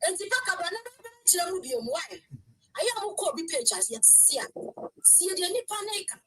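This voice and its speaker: A woman from Ghana giving fast, emphatic political commentary, mixing Twi and English. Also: extremely high pitch, sing-song, a bit bright, a little hiss or hum.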